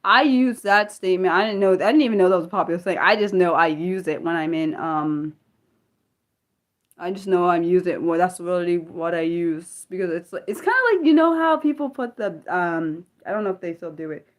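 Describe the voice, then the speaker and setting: A woman's voice: fairly low pitch, fairly quick. A woman hosting an unscripted livestream, reading viewer chat and answering aloud in a rambling, restarting way, often asking her audience questions. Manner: rambling, thinks aloud, many restarts and fillers; talks directly to viewers and asks them questions.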